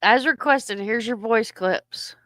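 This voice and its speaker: A woman's voice: on the high side, slow, a bit bright, no room sound, studio quality. Playful Southern woman hosting a live stream. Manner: chatty, playful, swears casually. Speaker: livestream host. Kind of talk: casual livestream chat. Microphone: computer mic on a live stream.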